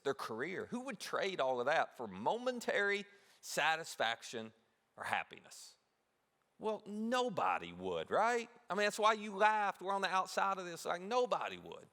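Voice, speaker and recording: A man preaching a sermon as pastor, telling a story with animated delivery and asking the audience questions. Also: on the high side. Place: large church hall. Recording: long reverb of a big hall.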